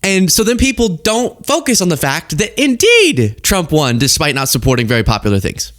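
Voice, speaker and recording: Animated man doing political commentary. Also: fairly high pitch, normal speed. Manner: animated, exasperated, rambling. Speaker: host of a political commentary show.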